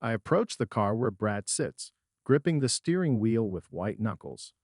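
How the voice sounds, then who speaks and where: Brief: middle-aged man, husky tone, animated pitch, measured dramatic story narration. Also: no echo, clean studio sound.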